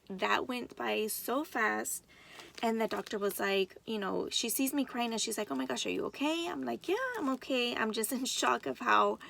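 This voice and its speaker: A young woman vlogger casually telling a personal story to her viewers, chatty and excitable, often turning to address them directly. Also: medium pitch, gravelly.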